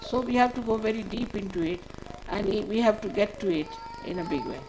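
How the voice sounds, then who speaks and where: A woman's voice: medium pitch, brisk, noisy background. An older woman, a spiritual teacher, giving a spoken talk to a gathering in a motherly, scolding way, often repeating short commands.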